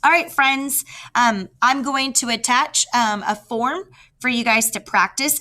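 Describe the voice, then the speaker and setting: A woman teacher talks through a math problem one step at a time and counts aloud as she goes. Her voice is bright and clear, and her tone stays patient and explanatory. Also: on the high side, a little slow. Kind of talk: math lesson walkthrough.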